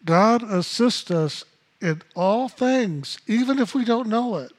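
A man's voice: high-pitched, expressive, slow. A man giving a spiritual teaching talk, emphatic and repetitive, with blunt asides.

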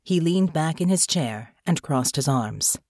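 A woman reading an audiobook in a measured, even storytelling voice. Her pitch sits low for a woman, and the recording is dry and close with no room sound. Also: no room sound. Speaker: audiobook narrator. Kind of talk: scripted audiobook narration.

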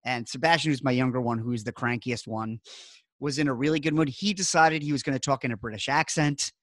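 A man's voice: medium pitch, a little fast, a bit bright, no room sound. Dry-voiced wry man on a podcast. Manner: rambling, wry storytelling with filler words. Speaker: podcast host. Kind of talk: casual podcast chat.

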